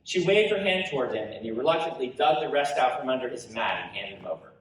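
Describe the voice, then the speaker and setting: A man reading his own story aloud at a convention panel, animated and storytelling. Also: mid-range voice, fast, distant mic, slight background noise. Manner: animated storytelling with character voices. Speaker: author reading his work. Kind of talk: live reading of a book prologue. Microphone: audience recorder in front row. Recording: roomy hall recorded from audience.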